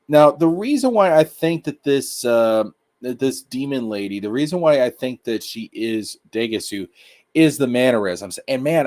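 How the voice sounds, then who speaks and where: Male stream host, mid-pitch, casual slangy anime commentary, repeats lines for emphasis. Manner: excitable, repeats himself, slangy.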